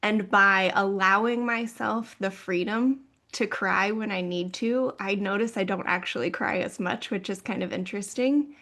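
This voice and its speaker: A woman coach in a candid podcast conversation, open and personal, often with a soft laugh. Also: medium pitch, normal speed, few pauses.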